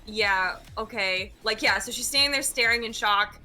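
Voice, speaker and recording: A woman's voice: medium pitch, normal speed, sharp tone, soft background music. A woman playing in a tabletop role-playing game, hesitant and thinking aloud. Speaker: player. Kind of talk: casual tabletop play.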